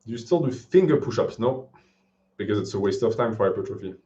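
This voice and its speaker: A man's voice: on the low side, expressive, quick pace, dark tone. A man with a French accent hosting a live-stream Q&A, answering questions in a blunt, offhand way. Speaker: fitness channel host. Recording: dull lo-fi stream audio.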